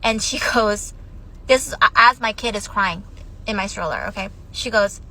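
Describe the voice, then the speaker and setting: A woman's voice: medium pitch, normal speed, pushed and bright, rough recording. A mother telling a personal story in an emotional, shaky voice, close to tears. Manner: tearful, shaky, on the verge of crying. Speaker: mother of young children.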